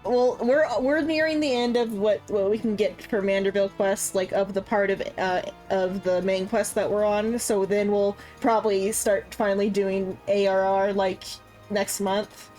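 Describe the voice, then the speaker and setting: A woman's voice: medium pitch, fairly even intonation, normal speed, darkish tone, poor audio. A woman talking casually while she plays on stream, her sentences rambling and restarting. Faint music runs in the background. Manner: rambling, with many fillers and restarts. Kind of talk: casual gaming chat.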